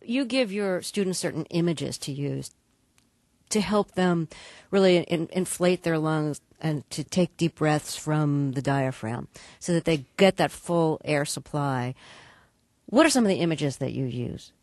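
A woman's voice: sits low, unhurried, a little mellow, no room sound. A woman interviewer asking probing follow-up questions.

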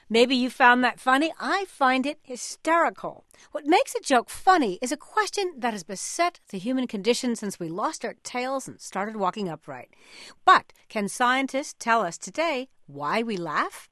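A woman with a fairly high voice hosts a public radio interview. She asks questions in a measured, conversational way, and her voice sounds close and dry with no room around it. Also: big pitch swings, fairly bright tone, no echo.

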